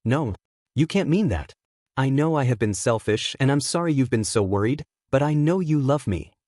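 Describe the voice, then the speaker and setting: Male reader as a scared teenage hero-in-training. Pleading, distraught, lively. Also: mid-range voice, moderate pace, dry recording, studio quality, close to an everyday voice.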